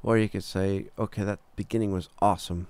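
A man with a low, gravelly voice talks through a software tutorial in a casual, relaxed way, pausing on fillers as he clicks along. His tone stays smooth and resonant despite the grit. The sound is close and dry, with no room around it. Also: no echo. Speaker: recording engineer teaching software. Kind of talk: screen-recorded software tutorial.

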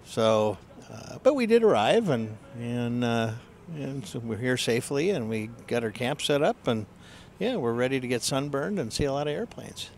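A middle-aged man answering as a guest in a hesitant, plainspoken way, pausing often. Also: medium pitch, lively intonation, gravelly, a little mellow, slight background noise. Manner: hesitant, plainspoken, pauses with ands and uhs.

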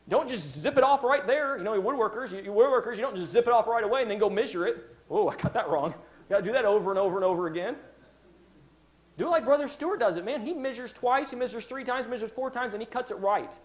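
A man preaching a sermon in a church, telling a Bible story and acting out its characters' words. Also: very high-pitched. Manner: animated preaching, acts out quoted voices. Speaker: pastor.

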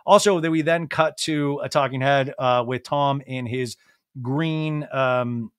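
A man hosting a comedy podcast, recapping a reality show in an animated way and breaking into campy impressions of the cast. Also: medium pitch, measured pace, smooth, no room sound, studio quality. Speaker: podcast host.

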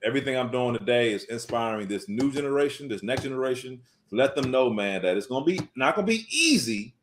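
A man's voice: mid-range voice, fast talker, slight background noise. A man, a food business owner, telling an earnest, faith-filled story as a podcast guest, repeating casual words as he goes. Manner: animated, repetitive storytelling full of "man" and "bruh".

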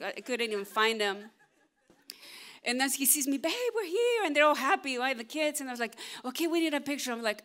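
A middle-aged woman pastor telling a funny personal story in a sermon, animated and self-mocking, with many restarts. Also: on the high side, smooth.

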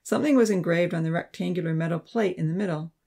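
A man narrating a Christian youth novel in a steady, clear storytelling voice. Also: on the high side, fast. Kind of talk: audiobook narration.

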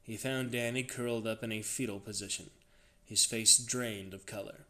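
A man reads a tense novel aloud with a dramatic, expressive delivery. His voice sits at an ordinary middle pitch, rising and dropping with the action of the story. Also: moderate pace. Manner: dramatic, varied expressive reading. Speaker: reader.

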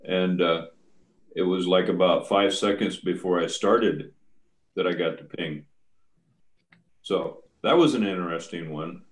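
A man in a church group telling a casual anecdote in a relaxed, conversational way. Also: deep voice, unhurried, pauses often, roomy sound. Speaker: group participant.

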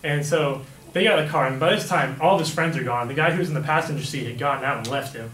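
A young man tells a story from his own life in a relaxed, rambling way, sprinkling in "like" and "you know." His voice sits a little higher than most men's. It bounces around a hollow room, picked up from some distance, with a faint hum behind it. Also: fast, echoey room. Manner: rambling, lots of "like" and "right?". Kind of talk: casual personal storytelling.

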